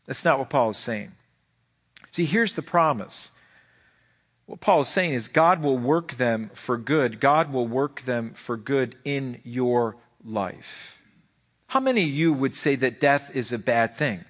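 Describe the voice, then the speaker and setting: Male pastor, higher voice, fervent sermon delivery with repeats. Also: sing-song, a little slow, fairly bright tone. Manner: impassioned, repeats phrases, voices God in quotes.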